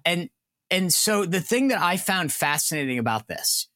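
A man with a high voice hosts a political talk podcast, talking in an animated way and slipping into indignant quoted lines. The sound is dry and close. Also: moderate pace, no room sound. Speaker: podcast host. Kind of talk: political talk show discussion.

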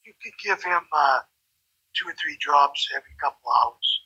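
An older man calmly giving instructions over a prison phone call. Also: fairly high pitch, normal speed, slightly rough, no room sound. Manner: calm, matter-of-fact. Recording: tinny prison phone line.

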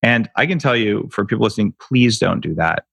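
Man, interview guest, gravelly, dry close sound, emphatic. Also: lowish voice, expressive, brisk, fairly bright tone, no room sound. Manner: emphatic, rants with rhetorical questions. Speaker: guest expert on health. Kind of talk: animated interview talk.

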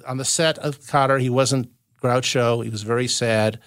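A man's voice: mid-range voice, fairly even intonation, moderate pace, a bit bright, dry recording, clean studio sound. A man from Southern California, a showbiz historian guesting on a podcast, telling long anecdotes in a casual chat with many restarts. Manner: rambling storyteller with frequent restarts.

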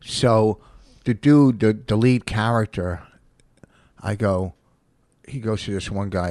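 A man's voice: lowish voice, unhurried, darkish tone, no room sound. A man co-hosting a casual podcast, teasing and needling his co-host, often laughing. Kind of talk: casual bickering chat.

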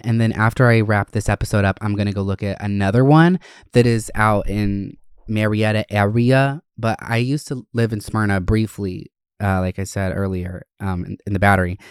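Smooth-voiced dramatic storytelling man. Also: lowish voice, dry recording, clean studio sound. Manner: animated, dramatic storytelling with frequent swearing. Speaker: podcast host. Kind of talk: casual storytime chat.

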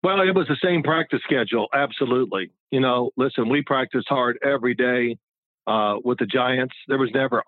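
Over a tinny, phone-like connection with no echo, a sixty-something ex-quarterback speaks briskly at medium pitch. As a guest in a relaxed interview, he chats and rambles through his stories, frequently starting sentences over.

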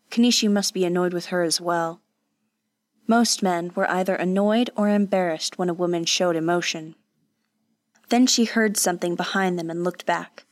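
A woman narrating a novel aloud in a measured, emotive way. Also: fairly low pitch, no room sound. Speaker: audiobook narrator. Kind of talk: scripted narration.

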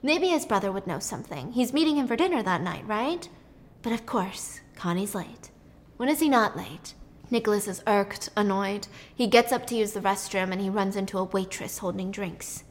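A woman casually retelling a film plot, chatty and animated, with swearing. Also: mid-range voice, moderate pace.

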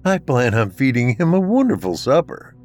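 A man's voice: medium pitch, very animated, normal speed, a little mellow, voice pushed up, natural voice. A man voicing a cold, menacing middle-aged mother who speaks in a sing-song voice with icy sweetness.

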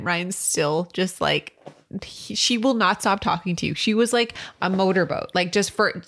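A woman with a fairly low voice co-hosts a casual podcast chat. She tells stories with a lot of energy, laughs often and acts out what people said. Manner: animated storytelling, laughs often, acts out quotes. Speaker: podcast co-host.

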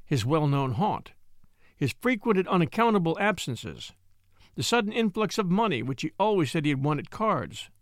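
Expressive male storyteller, dry close sound. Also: on the high side, normal speed, no echo. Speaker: audiobook narrator. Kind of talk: scripted story narration.

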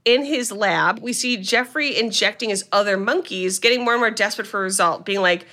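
A woman co-hosting a podcast who retells a film plot in a chatty, animated way with plenty of filler words. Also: mid-range voice, normal speed, few pauses. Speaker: podcast co-host. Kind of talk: casual film recap.

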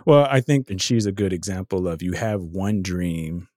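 Deep mellow guy rambling on a podcast, fixes himself mid sentence a lot, dry close sound. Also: expressive, normal speed, dry recording. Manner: rambling, self-correcting, laughs often. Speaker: podcast guest, author. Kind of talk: casual podcast chat.

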